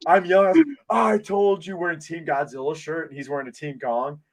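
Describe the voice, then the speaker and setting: A man hosting a casual podcast, talking in an excitable, rambling way full of restarts, into a desk mic. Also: a little high, fairly quick, a loud crowd. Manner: excitable, rambling fan talk with many restarts. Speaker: podcast host. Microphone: desk microphone.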